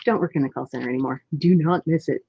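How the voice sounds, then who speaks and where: A woman's voice: sits low, quick pace, slightly rough, dry recording. A woman chatting casually on a crafting live stream, laughing often between remarks. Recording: dull lo-fi stream audio.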